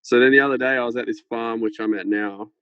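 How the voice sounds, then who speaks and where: A man's voice: mid-range voice, steady tone, quick pace, dry recording, lo-fi sound. A man guest on a podcast, telling a rambling, swear-filled anecdote in casual chat over a phone held close to his head. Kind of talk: casual storytelling. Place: farmhouse.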